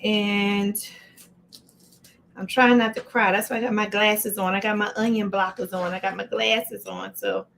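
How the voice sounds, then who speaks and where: A woman's voice: mid-range voice, fairly even intonation, unhurried, gravelly, fairly bright tone, slight background noise. A woman hosting a casual live cooking stream from her home kitchen, chatting to viewers by name while she chops. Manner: chatty, greets viewers by name mid-task. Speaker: livestream cooking host.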